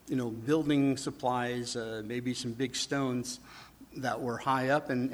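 A pastor with a mid-range voice delivers a sermon in a conversational style. He poses rhetorical questions to the congregation and drops to a hush when he wants emphasis.

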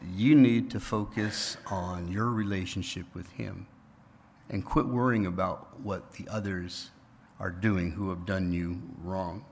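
A man's voice: sits low, steady tone, measured pace, slight background noise. A male pastor preaching a sermon in a conversational, explaining manner. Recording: reverberant hall.

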